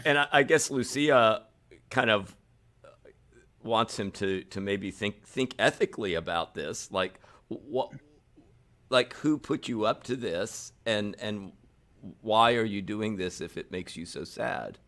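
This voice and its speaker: Deep-voiced, hesitant male player. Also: slow, a bit bright. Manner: hesitant, stammering.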